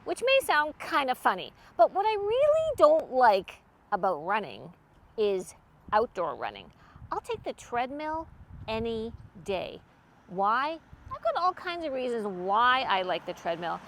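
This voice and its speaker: A woman's voice: high voice, fairly bright tone, slight background noise. A woman in her sixties talking to camera about her workouts in a chatty, candid, self-deprecating way. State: out of breath after swimming. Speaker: fitness vlogger. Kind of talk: casual talk to camera.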